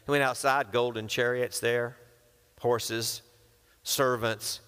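A man's voice: mid-range voice, fairly even intonation, unhurried, fairly bright tone, smooth. A man preaching a sermon, reading scripture and breaking into casual asides where he acts out the characters. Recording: long hall reverb.

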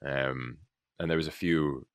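Deep-voiced animated man in casual chat. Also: measured pace, smooth, dry recording, clean studio sound. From United States. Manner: animated storyteller, acts out quoted voices. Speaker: actor guest.

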